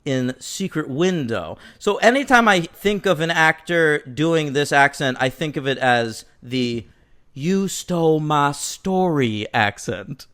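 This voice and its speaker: A man co-hosting a film review podcast, animated and profane, acting out lines as he chats. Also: a little high, a little slow, few pauses. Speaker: podcast co-host. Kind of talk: casual film review chat.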